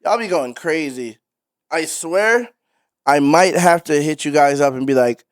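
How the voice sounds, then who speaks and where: A man co-hosting a casual reaction video, joking around excitably and swearing casually. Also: on the high side, unhurried, no echo, studio quality. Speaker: reaction channel co-host. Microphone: close studio mic.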